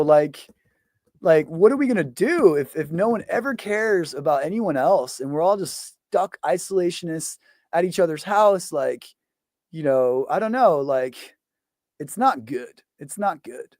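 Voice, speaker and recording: A man's voice: high-pitched, expressive, measured pace, a little mellow, no room sound, studio quality. A man hosting his own show in a casual, rambling rant, swearing often and filling gaps with "like". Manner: profane, rambling, full of fillers. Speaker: show host. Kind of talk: casual ranting monologue.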